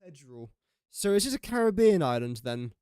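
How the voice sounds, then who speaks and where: A man's voice: sits high, sing-song, a little fast, dark tone, clean tone, no room sound, clean studio sound. A young man streaming a game, chatting casually and joking about his own guesses as he thinks aloud. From England. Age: young adult. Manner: chatty, jokey and self-mocking, thinking aloud. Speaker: gaming streamer. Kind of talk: casual live-stream commentary.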